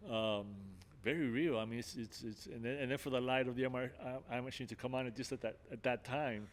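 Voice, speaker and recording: An older man, a podcast guest, earnestly recounts a personal experience in conversation. His medium-pitched voice has fairly even intonation and a fairly quick pace, with many restarts and filler phrases like "you know".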